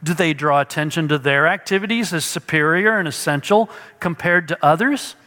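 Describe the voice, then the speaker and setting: A man's voice: a little high, moderate pace, pushed and bright, long reverb tail. A male pastor preaching an expository sermon, emphatic and teaching through rhetorical questions.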